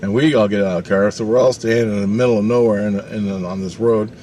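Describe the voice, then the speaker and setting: A man telling a long, rambling story in a casual, animated way, swearing freely. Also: lowish voice, fast talker, a little hiss or hum. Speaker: vlogger.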